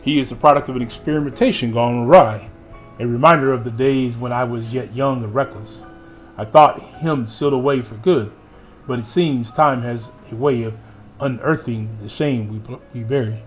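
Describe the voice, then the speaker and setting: A man's voice: medium pitch, normal speed, faint music behind. A man streaming a video game who reads the cutscene dialogue aloud in a theatrical way and jokes with his chat between lines. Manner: theatrical reading, playful asides to chat. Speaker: gaming streamer.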